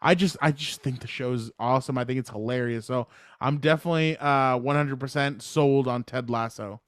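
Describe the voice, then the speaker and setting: Medium in pitch and at a normal speed, this podcast co-host's voice comes through with no echo. He's a Latino American man in his thirties who rambles through casual chat and laughs easily.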